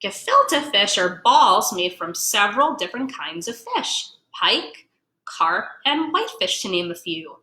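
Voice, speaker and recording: A woman museum educator reading a children's story aloud, playful and animated, explaining words as she goes. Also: mid-range voice, unhurried. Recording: echoey room.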